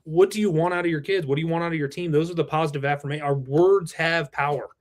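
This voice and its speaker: This thirty-something roofing company president, on a podcast as a guest, talks with a quick pace and fairly even intonation in a slightly high voice. He's reflective and earnest in the informal interview, swearing once in a while.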